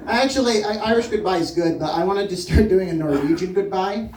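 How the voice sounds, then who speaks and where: A man's voice: high voice, a little fast, recorded from a distance. Rambling man doing stand-up in a club. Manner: rambling, excitable, bursts into shouted act-outs. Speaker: stand-up comedian. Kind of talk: stand-up comedy set. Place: comedy club stage. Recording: roomy live club, off-mic, crowd laughter.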